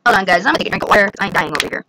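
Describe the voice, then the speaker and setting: A young woman with a hoarse voice, chatting excitedly through her gameplay with lots of fillers. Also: mid-range voice, very fast, noisy background. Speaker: gaming channel host. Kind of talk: casual gameplay commentary.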